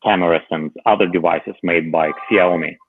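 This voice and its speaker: A man with a very low voice and a rough, gravelly edge chats about gadgets, stumbling through fillers and restarts. The line is thin and phone-like, with a dry, close sound. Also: steady tone, no echo. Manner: halting, many fillers. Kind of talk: casual tech chat.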